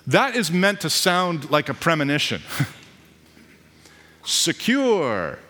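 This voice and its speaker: Man, pastor, sermon, conversational and joking, higher male voice, long hall reverb. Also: moderate pace. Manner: lively, conversational preaching with asides and jokes.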